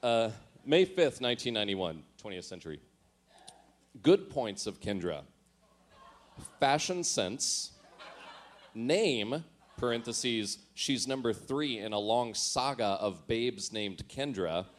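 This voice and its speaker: A man's voice: medium pitch, lively intonation, slow. A man comically reads aloud from his teenage diary in a mock-earnest, dramatic way, often laughing at himself and adding sheepish asides. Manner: self-mocking, often laughing through lines; dramatic, mock-earnest delivery when reading entries. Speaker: storyteller reading his old teenage diary. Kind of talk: comedic reading of diary entries with asides.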